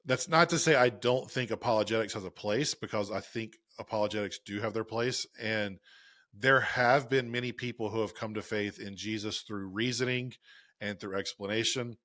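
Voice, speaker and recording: A man's voice: lowish voice, moderate pace, a bit bright, dry recording, studio quality. A man in his thirties co-hosting a faith podcast, easygoing and explanatory with a joking edge. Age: 30s. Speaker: podcast co-host. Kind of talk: casual podcast chat.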